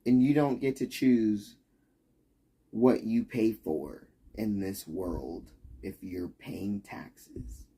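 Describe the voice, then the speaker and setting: A young man with a gravelly, creaky voice rants at his stream chat in slow, drawn-out bursts. His tone is heated and sarcastic, and he swears freely. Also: lowish voice, mellow. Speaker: livestreamer. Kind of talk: ranting livestream chat.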